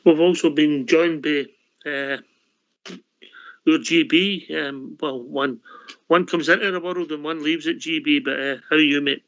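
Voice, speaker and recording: A man's voice: on the high side, steady tone, a little slow, a bit bright. A man hosting a casual call-in show, easygoing and calling his guests mate. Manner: easygoing, calls people mate. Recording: dull lo-fi stream audio.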